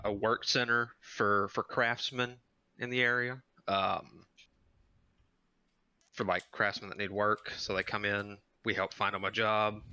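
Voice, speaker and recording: A man calmly playing a church character in a tabletop game. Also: fairly low pitch, no room sound, muffled recording. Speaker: player.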